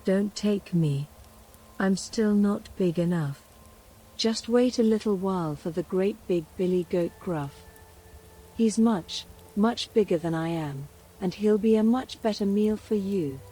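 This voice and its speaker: A woman voicing a middle-sized male billy goat, a little shaky but steady, from a storybook in soft whispered role-play. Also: medium pitch, unhurried, breathy edge, low-quality recording. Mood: nervous pleading.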